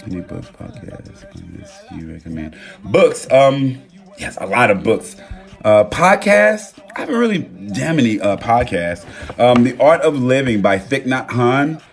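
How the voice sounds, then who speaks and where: A man hosting a live stream from his phone, talking in a relaxed, reflective way with loose slang and pausing to read viewer comments. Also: mid-range voice, vocal fry. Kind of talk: casual live-stream talk. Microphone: phone mic.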